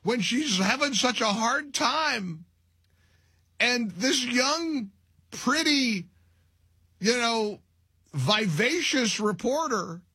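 Man, talk radio host, middle-aged, mocking, high voice, dry studio sound. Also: very slow, long pauses, husky, no room sound. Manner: mocking, animated, laughs at his own jokes.

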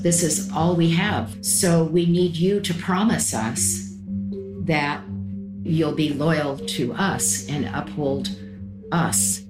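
A middle-aged woman interviewee earnestly explaining a personal account. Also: low-pitched. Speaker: interviewee, parent. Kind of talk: recounting a personal story. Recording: roomy, echoey recording. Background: clear music.

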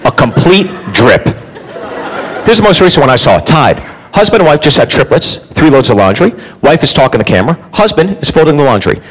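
A man's voice: fairly high pitch, big pitch swings, a little fast, husky, poor audio. A man doing a sarcastic, ranting stand-up routine on a comedy club stage. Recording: live club with crowd noise.

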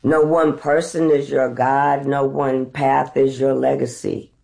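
A middle-aged actress telling candid stories about auditions, unhurried and reflective, growing animated as she retells them. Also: extremely low pitch, creaky. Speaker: actress guest. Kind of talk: candid conversational storytelling.

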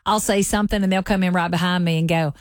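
A woman's voice: on the low side, steady tone, quick pace, no room sound, studio quality. A woman from rural Alabama with a Southern country twang, co-hosting a radio show in folksy, laughing banter. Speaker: radio co-host.

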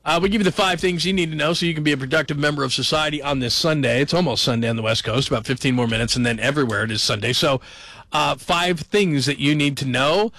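Male late-night sports radio host, gravelly edge, bright tone, chatty and joking. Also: on the high side, fast, dry recording. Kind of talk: casual radio talk.

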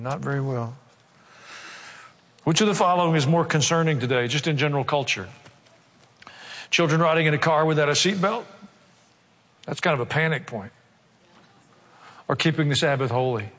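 A pastor's voice rings through a church sanctuary, its long reverb trailing every phrase. A man with a fairly high voice preaches earnestly, putting rhetorical questions to the congregation and slowing down when a point matters. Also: fairly bright tone. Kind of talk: sermon.

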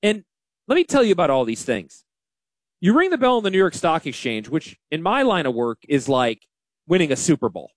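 A man hosts a radio show, talking in a joking, self-deprecating way. His voice sits high and swings all over the place. The sound is dry and close. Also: big pitch swings, fairly quick, no echo. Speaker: radio show host, financial advisor. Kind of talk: casual radio talk.

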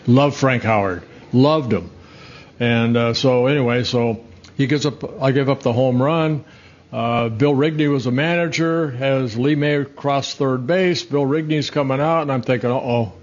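An older man in his sixties spins long, rambling anecdotes with restarts and the odd chuckle. His voice sits at an ordinary middle pitch. The audio is slightly dull and muffled. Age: 60s. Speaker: former pitcher and broadcaster guest. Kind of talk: casual storytelling interview.

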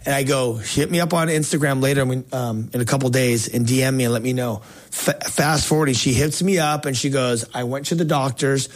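A man hosting a faith talk show, telling a story in a casual, excited way with slang and frequent restarts. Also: mid-range voice, a little fast, hardly any pauses. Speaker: talk show host and evangelist.

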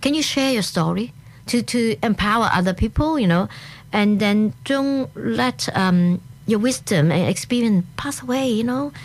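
A woman's voice: a little high, expressive, normal speed. Chatty woman with a Hong Kong accent. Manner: chatty and enthusiastic, laughs often. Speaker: guest. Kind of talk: casual interview chat.

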